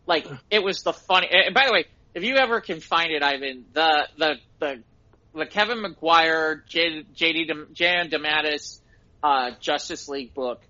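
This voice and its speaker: A middle-aged man, a podcast co-host, telling excited stories in casual chat and laughing at them himself. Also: on the high side, moderate pace, dull audio. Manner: excitable storyteller, laughs at his own stories.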